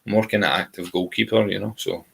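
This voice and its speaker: Deep gravelly man, husky. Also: a little fast, low-quality recording. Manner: relaxed, drops in "kinda" and "you know" often. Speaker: podcast co-host. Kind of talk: casual football chat.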